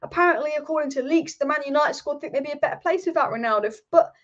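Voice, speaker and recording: Woman, football channel host, fired-up swearing rant, high voice, dull lo-fi sound. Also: very fast. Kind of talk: casual opinion rant. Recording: dull lo-fi audio.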